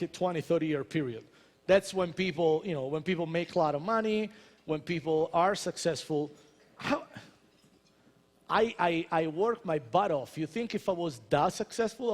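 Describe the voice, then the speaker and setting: This is a thirtysomething man from Italy, a celebrity chef, motivating an audience in a large convention hall. He speaks with an Italian accent in a fairly high voice, bantering with the crowd and pressing his points with animated energy, while the reverberant hall stretches his words into a long echo.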